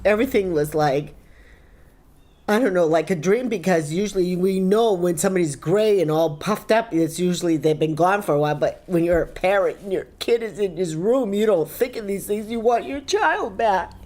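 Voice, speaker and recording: A woman's voice: on the low side, moderate pace. A middle-aged woman, a bereaved mother, recounting a family story in an interview and acting out the voices in it. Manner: animated storytelling, acts out voices in quotes. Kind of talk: emotional interview recollection.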